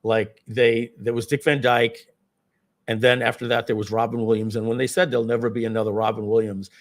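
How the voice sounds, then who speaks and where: A man's voice: medium pitch, little pitch movement, brisk. Male livestream host, casual anecdotal storyteller, meandering delivery. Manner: rambling, many fillers, acts out quotes. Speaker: webinar host.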